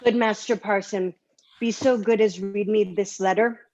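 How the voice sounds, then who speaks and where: A woman's voice: mid-range voice, fairly even intonation, normal speed, darkish tone, a little hiss or hum, lightly acted. An actress playing a deferential, polite country girl in a live-streamed Shakespeare reading. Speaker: actor. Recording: dull, lo-fi audio.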